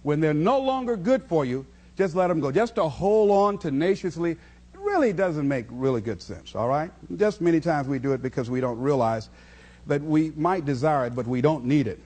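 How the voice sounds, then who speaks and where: A man's voice: a little high, animated, normal speed, darkish tone. A man giving a motivational speech in a preachy, rhythmic way, repeating key phrases. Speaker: motivational speaker.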